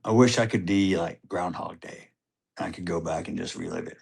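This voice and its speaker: A middle-aged father telling a personal story in an interview, animated, moving between hushed tones and loud excitement. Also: deep voice, moderate pace, creaky, breathy edge. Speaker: grieving father being interviewed.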